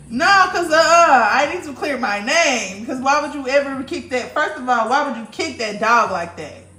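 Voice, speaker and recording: Woman livestream host, a little high, very lively pitch, blunt and profane, addresses chat directly, roomy echo with faint music behind. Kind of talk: casual livestream chat with viewers.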